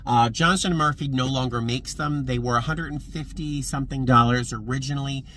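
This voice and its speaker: A man chatting casually in a vlog from his car, expressive and talkative, with loud bursts now and then. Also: mid-range voice, a little fast, slight background noise. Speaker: vlogger. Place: in a car and around a parking lot.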